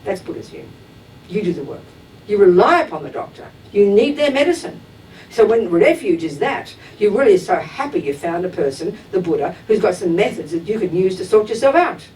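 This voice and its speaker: A woman's voice: big pitch swings, brisk, a little mellow. A woman giving a direct, emphatic Buddhist dharma talk to a class, acting out everyday examples as she goes. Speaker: Buddhist teacher. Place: teaching hall at a Buddhist center. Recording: distant mic with faint rumble.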